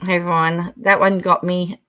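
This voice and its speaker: A woman's voice: fairly low pitch, little pitch movement, normal speed, a bit bright. A middle-aged Australian woman hosting a casual livestream, reading viewer comments aloud, chatting and laughing often.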